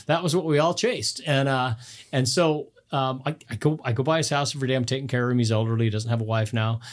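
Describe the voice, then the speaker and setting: A middle-aged man, a podcast guest, telling casual stories with laughs and many restarts. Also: mid-range voice. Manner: animated, laughs mid-story, frequent restarts.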